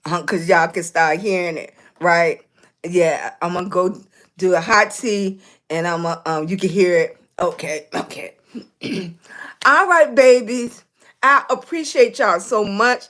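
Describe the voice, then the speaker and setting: A middle-aged woman, hosting a casual livestream and greeting viewers warmly as baby and sweetie, hoarse and clearing her throat from a cough. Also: lowish voice, unhurried. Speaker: livestream host.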